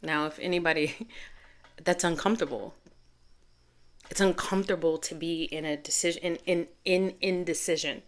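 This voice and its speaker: A woman's voice: on the low side, fairly even intonation, normal speed, pauses often. A middle-aged woman giving a channeled tarot reading to camera, earnest and rambling, correcting herself as she goes. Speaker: tarot reader.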